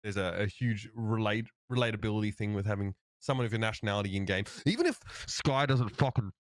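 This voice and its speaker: A man's voice: fairly low pitch, dry recording, studio quality. An Australian man hosting a casual gaming show, joking and swearing a lot. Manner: joking, heavy swearing, quick. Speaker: host.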